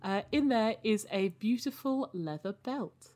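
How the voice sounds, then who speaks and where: A woman's voice: a little high, lively intonation, a little slow, dark tone. A woman running a tabletop game as game master, narrating a scene with many hesitant ums and uhs.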